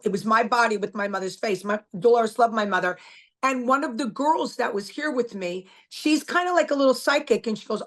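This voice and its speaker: Middle-aged woman guest, blunt and emphatic, a bit higher-pitched, casual interview talk. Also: lively intonation, moderate pace. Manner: blunt, emphatic, repeats herself. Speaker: guest, author.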